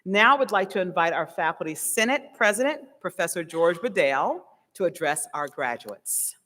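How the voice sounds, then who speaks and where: A woman, a college official, giving a slow, deliberate commencement speech from a podium. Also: lowish voice, big pitch swings, noisy background. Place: large hall. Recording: echoey hall PA recording.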